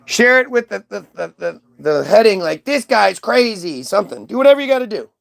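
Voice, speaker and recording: Male streamer with a high voice, ranting loosely, casual profanity. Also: sing-song, fast talker, creaky. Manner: rambling, profane, reads aloud from screen. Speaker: livestream host. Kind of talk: rambling livestream monologue.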